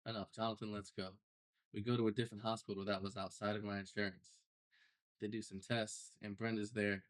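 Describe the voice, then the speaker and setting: Animated low-voiced man telling his story. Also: fairly quick. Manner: animated storyteller, casual slang. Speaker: podcast guest. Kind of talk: storytelling interview.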